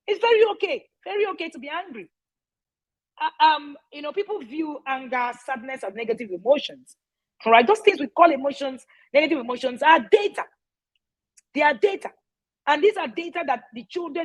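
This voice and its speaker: A woman's voice: high-pitched, expressive, a little fast, poor audio. A middle-aged woman, speaking casually to parents. She is emphatic, repeats key phrases and often checks in with "all right?". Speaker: parenting educator.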